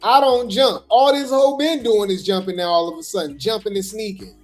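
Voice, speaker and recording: A woman's voice: medium pitch, animated, fairly quick, a little mellow, faint music behind. A woman hosting casual gossip commentary, chatty and sassy, talking straight to her viewers.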